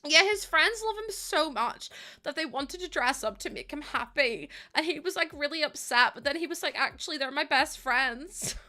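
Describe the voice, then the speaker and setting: A woman's voice: high voice, animated, moderate pace, bright, forceful tone. A young adult woman live streaming, chatting casually with her viewers in a giggly, gushing and emotional way.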